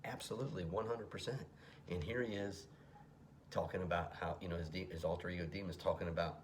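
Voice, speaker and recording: A man's voice: deep voice, steady tone, quick pace, slight background noise. A middle-aged man at home giving a casual commentary on a song, reading lyrics aloud and explaining them, sometimes dropping to a whisper. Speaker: music reaction commentator. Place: home room.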